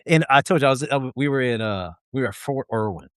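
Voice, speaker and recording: A man's voice: mid-range voice, animated, fast talker, clear, resonant tone, no echo, clean studio sound. A man telling rowdy stories in casual live-video chat, laughing often and swearing freely. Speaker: military veteran guest.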